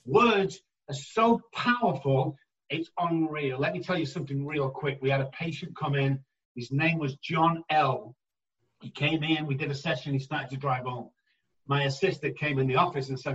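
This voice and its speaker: A man working as an addiction therapist, telling stories in an interview in an emphatic, animated way and acting out the voices he quotes. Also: a little high, moderate pace, recorded from a distance, muffled recording. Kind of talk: storytelling in a conversational interview.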